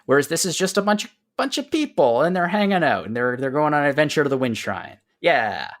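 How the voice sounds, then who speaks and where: A man's voice: a little high, big pitch swings, brisk. Man, podcast host, casual recap, playful voices. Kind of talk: casual game discussion.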